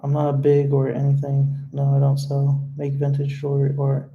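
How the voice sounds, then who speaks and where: A man's voice: mid-range voice, completely flat delivery, normal speed, narrow, tinny audio. A young man chatting casually on his live stream, earnest and emotional, rambling a little as he answers viewers' comments. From United States. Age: young adult. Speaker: vlogger hosting a live stream.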